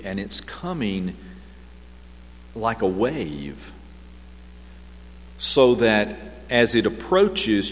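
A man preaching a sermon, moving from loud emphatic scripture reading down to hushed, near-whispered passages. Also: fairly low pitch, big-room sound. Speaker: pastor.

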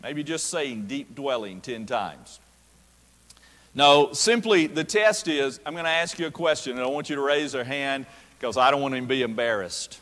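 A male pastor preaching a sermon, slowing down to stress quoted verses. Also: mid-range voice, expressive, fairly bright tone. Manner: emphatic preaching with slow stressed quotations. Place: church sanctuary. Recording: long reverb of a church hall.

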